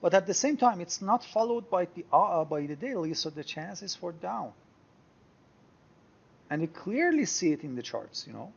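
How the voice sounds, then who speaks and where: A man teaches a software tutorial, explaining and thinking aloud as he clicks through charts. His voice sits high and swings widely in pitch. The sound is a bit dull and lo-fi. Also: very animated, normal speed, creaky, breathy edge. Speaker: trading software instructor. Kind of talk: screen-share tutorial.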